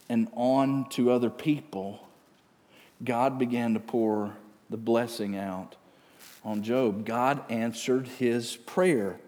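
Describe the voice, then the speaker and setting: A man preaching a sermon as pastor, slow and deliberate, building to loud, animated passages. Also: medium pitch, in a large hall.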